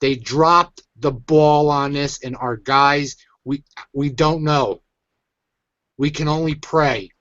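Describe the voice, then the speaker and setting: A man's voice: fairly high pitch, steady tone, slow pace, fairly bright tone, no echo, lo-fi sound. A man hosting his own online show, venting in an agitated, emphatic rant. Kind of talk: angry ranting commentary.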